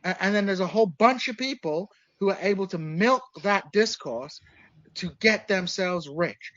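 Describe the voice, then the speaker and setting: A man's voice: high voice, lively intonation, normal speed, a bit bright, no room sound, lo-fi sound. A man of Kurdish origin co-hosting a podcast, making long heated political points with fillers and swearing. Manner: digressive, heated, swears freely. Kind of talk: casual political discussion.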